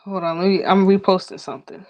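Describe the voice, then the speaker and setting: A woman's voice: medium pitch, level tone, fast talker, a little mellow. Rambling, cursing woman. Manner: rambling, profane, loose and unfiltered. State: grieving. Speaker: vlogger. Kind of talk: rambling personal vlog.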